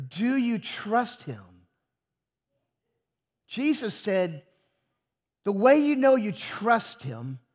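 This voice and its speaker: Pastor guy giving a sermon, pretty high voice, talks slow, keeps asking the crowd questions. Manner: emphatic preaching with rhetorical questions and self-deprecating humor.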